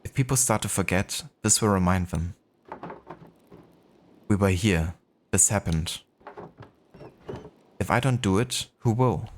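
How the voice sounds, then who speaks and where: Gentle, regretful older father, German accent, slow and soft, read by a deep-voiced man. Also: slight background noise, lightly acted. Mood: reflective. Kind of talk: reading game dialogue aloud.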